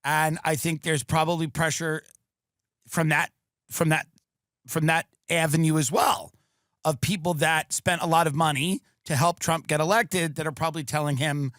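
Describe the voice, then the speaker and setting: A man hosting a comedy podcast who riffs in a sarcastic, rambling way with deadpan asides. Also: on the high side, moderate pace, no echo. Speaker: host.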